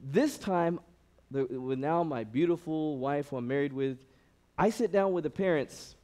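Guy preaching casually w a pretty high voice, lots of "you know", acts out the people in his stories. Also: a little slow. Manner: animated storytelling, acts out quoted people; conversational, frequent fillers. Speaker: youth ministry director. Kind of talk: sermon-style talk.

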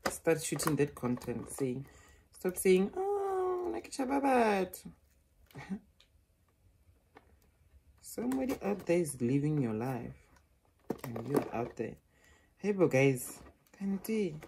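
A young woman with a low voice that swings lively up and down, talking unhurriedly to her viewers as she unboxes something at home. She keeps calling them guys and darlings. A phone mic catches it with faint noise behind her. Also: slow pace, vocal fry, pauses often. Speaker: vlogger. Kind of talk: casual vlog unboxing. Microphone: phone camera.

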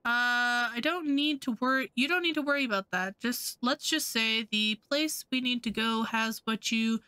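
A woman voicing a cocky young male thief in a game, hushed and brusque. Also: on the high side, moderate pace, clear, resonant tone, dry recording. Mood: scheming.

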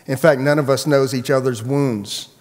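An earnest pastor talks through a sermon, repeating and restarting phrases and sinking to a hush on key points. His voice sits at an ordinary man's pitch. A long reverb from a large hall follows him. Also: fairly even intonation, moderate pace.

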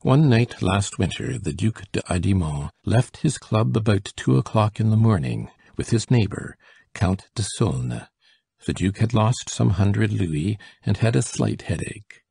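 Male audiobook narrator, husky, low-pitched, mellow timbre. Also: animated, measured pace, no echo, studio quality. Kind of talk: scripted narration.

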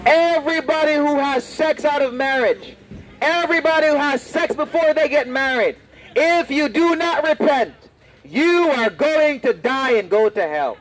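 A man preaching loudly and confrontationally on the street, repeating his lines. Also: very high-pitched, unhurried, poor audio. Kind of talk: open-air street preaching. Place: outdoors on a street.

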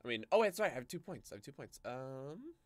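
A man's voice: mid-range voice, sing-song, quick pace, no room sound. A young adult man streaming a game, making rambling, joking commentary. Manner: joking, rambling and self-mocking. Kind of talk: casual gameplay commentary.

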